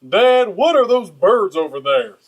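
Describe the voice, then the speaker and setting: Brief: man playing an eager, very high-pitched lion cub. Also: very animated, measured pace, heavily acted. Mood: curious. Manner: eager, questioning. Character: young male lion cub, curious. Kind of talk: live staged script reading.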